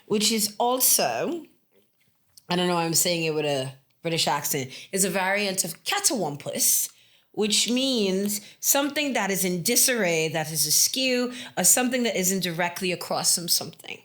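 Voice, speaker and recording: A woman's voice: fairly low pitch, expressive, moderate pace, a bit bright. A woman co-hosting a casual podcast, reading out word definitions and laughing easily between them. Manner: reads word definitions aloud, laughs often. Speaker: podcast co-host.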